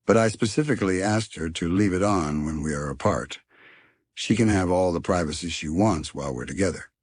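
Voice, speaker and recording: A man's voice: sits low, fairly quick, breathy edge, no room sound, studio quality. A man voicing Arthur, an earnest and worried young male rat, in a storybook reading. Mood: anxious.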